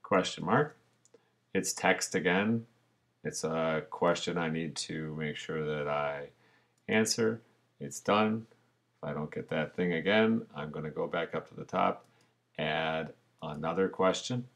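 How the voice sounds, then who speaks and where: A man, a teacher, narrating a screencast tutorial in a relaxed way, talking through each step as he clicks. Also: extremely low pitch, a little slow, gravelly.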